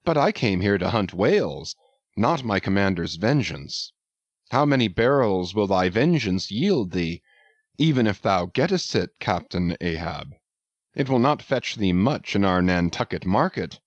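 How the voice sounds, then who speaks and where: Level-headed first mate read by a man, measured and low, slow and dry. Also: sing-song, dry recording, lo-fi sound. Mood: wary. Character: cautious, sober first mate, a grown man. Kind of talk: audiobook character reading.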